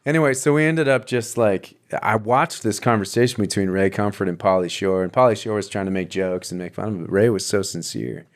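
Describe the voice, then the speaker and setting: A low-voiced man hosting a laid-back podcast conversation. He laughs easily and keeps a chatty, friendly flow as he tells his story. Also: a little fast, hardly any pauses. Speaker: podcast host. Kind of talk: casual chat.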